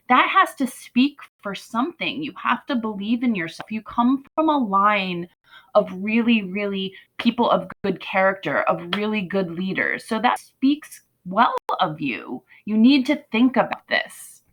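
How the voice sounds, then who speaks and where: Bright-voiced woman teacher explaining a play. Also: medium pitch, moderate pace, dull audio. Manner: conversational, asks "right?" often, paraphrases lines in lively quotes.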